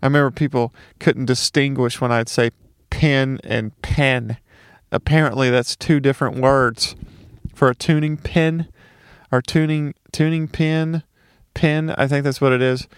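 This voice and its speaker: A man's voice: mid-range voice, fairly even intonation, normal speed, clean tone, no echo, studio quality. A man from Mississippi with a light Southern accent, doing a casual solo comedy monologue, ranting with profane, sarcastic asides.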